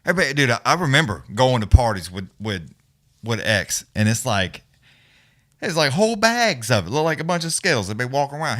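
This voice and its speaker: A man's voice: mid-range voice, sing-song, fairly quick, a bit bright, no room sound, studio quality. A man hosting a live fight watch-along stream, chatting casually and telling rambling, profane stories with chuckles. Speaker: livestream host. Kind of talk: casual profane storytelling chat.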